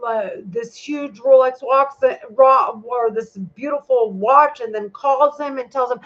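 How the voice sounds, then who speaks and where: A woman's voice: high-pitched, unhurried, fairly bright tone. A woman talking in a casual vlog monologue, rambling and heated, with a lot of swearing. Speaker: vlogger. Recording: muffled lo-fi recording.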